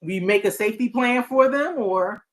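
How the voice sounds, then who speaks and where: A woman's voice: a little high, normal speed. A woman hosting a talk show as a therapist, speaking earnestly in a casual, heartfelt way. She often restarts her sentences and breaks into laughter.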